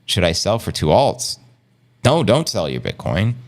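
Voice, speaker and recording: A man's voice: deep voice, sing-song, a little slow. A man hosting a casual crypto livestream, joking in slang and answering his chat.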